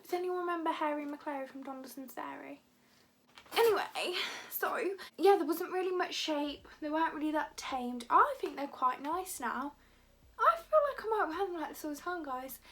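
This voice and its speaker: Chatty high-voiced woman vlogger. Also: animated, moderate pace, a bit bright. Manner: rambling, chatty, many "like" fillers. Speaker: beauty vlogger. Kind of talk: casual chat to camera.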